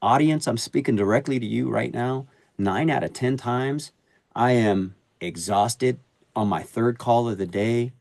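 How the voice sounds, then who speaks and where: A middle-aged man in sales, a podcast guest, telling stories in a lively, slangy way in a casual conversation. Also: mid-range voice, a little slow, vocal fry, no room sound. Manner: animated storyteller using slangy street talk.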